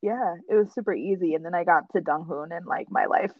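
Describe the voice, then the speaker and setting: Animated young-sounding woman telling a story. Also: lowish voice, brisk, dry recording, narrow, tinny audio. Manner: animated storytelling, lively laughs, swears. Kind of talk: casual chat.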